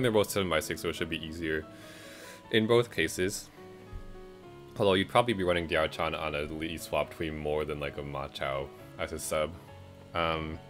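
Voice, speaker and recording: A man with a low-sitting, fairly bright voice casually reviews game updates at home while music plays behind him. His commentary rambles, full of fillers and self-corrections.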